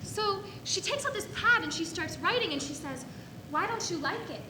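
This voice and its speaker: An actress playing a frustrated little girl telling a story in a stage monologue, rising to shouting and crying. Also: very high-pitched, expressive, normal speed. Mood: storytelling. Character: small girl, frustrated and put-upon. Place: echoey theater stage. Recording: echoey stage recording with background noise.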